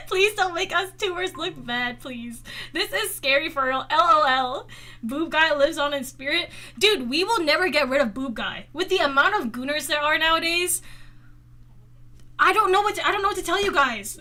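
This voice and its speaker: In a casual chat with live viewers, a woman streamer teases and giggles with a playfully sarcastic edge, speaking into a desk microphone at home. Her voice sits high and sounds pushed and bright.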